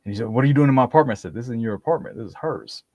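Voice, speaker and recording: Talking very fast at a medium pitch, a podcast host rattles through a casual story, laughing frequently and performing the voices of the people involved. The recording is dry.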